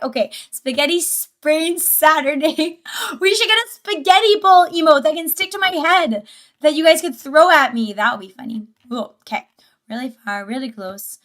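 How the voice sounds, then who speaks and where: A woman with a high voice hosts a casual livestream, chatty and easily sidetracked. She giggles often and talks into a desk mic. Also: a bit bright. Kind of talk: casual livestream reaction chat.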